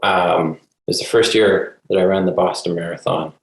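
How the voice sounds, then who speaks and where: Deep, gravelly man telling his story. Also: moderate pace, reverberant, low-quality recording. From Canada. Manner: relaxed, conversational, frequent ums. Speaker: cancer survivor sharing his story. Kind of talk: casual personal testimony. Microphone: video call.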